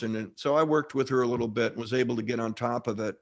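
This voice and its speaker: A man's voice: mid-range voice, fast talker, vocal fry, hardly any pauses. Rambling middle-aged male actor. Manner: rambling, frequent restarts, lively anecdotes. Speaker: actor, guest. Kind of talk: casual interview storytelling.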